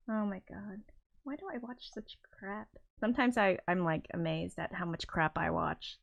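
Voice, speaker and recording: A woman's voice: lowish voice, muffled recording. A woman hosting a casual livestream, rambling, self-mocking and swearing constantly. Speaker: livestream host.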